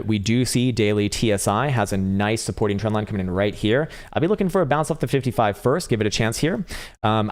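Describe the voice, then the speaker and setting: A man's voice: fairly low pitch, darkish tone. Laid-back, profane American man. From United States. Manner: profane, laid-back, reads viewer comments aloud. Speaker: livestream trading analyst. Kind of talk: casual live-stream chart commentary.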